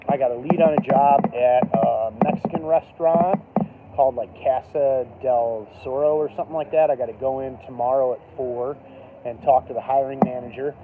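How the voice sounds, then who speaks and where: Man, mid-pitched, loose chatty live-stream vlogger on a street; thin lo-fi phone audio. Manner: loose, chatty, full of "like" and "dude". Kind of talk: casual rambling live stream. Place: outdoors on a downtown street, band playing nearby. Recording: tinny phone-line sound with loud street noise.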